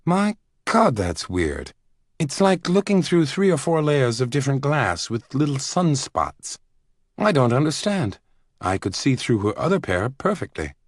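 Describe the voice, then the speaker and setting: Narrator doing a fussy, jumpy librarian, lifted pitch, dry booth. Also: male voice, big pitch swings, takes it slowly, no echo, heavily acted. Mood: eager.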